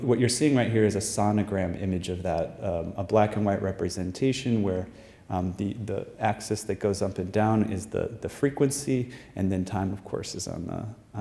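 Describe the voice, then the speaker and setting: A man's voice: on the low side, mellow. A man presenting his research to a live audience, explaining patiently with frequent fillers and restarts. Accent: American. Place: performing arts center stage.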